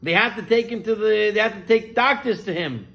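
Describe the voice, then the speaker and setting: High-voiced rabbi telling a story. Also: male voice, brisk. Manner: animated storyteller, voice rising and falling with the tale. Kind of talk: sermon storytelling.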